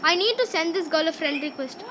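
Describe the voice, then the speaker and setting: Very high-pitched excitable girl gamer. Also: fairly quick, noisy background. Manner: excitable, goofy, shrieks when losing. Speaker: gaming channel host. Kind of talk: casual chat while playing a game.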